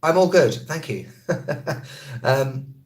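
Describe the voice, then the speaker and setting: A man, a travel vlogger who also teaches English, chatting casually on a live stream and answering viewer comments, quick and chatty, often correcting himself mid-sentence. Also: a little high, lively intonation.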